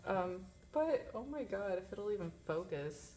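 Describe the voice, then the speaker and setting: A woman's voice: a little high, very animated, normal speed, hardly any pauses. A woman chatting casually while unboxing, gushing with breathless exclamations and laughter. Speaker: vlogger. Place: living in a garage.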